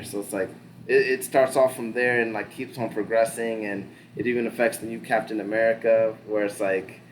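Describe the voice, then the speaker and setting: A man's voice: on the low side, little pitch movement, normal speed, slight background noise. A man talking loosely as a podcast co-host, rambling through a show recap with lots of fillers, restarts and casual swearing. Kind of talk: casual pop-culture discussion.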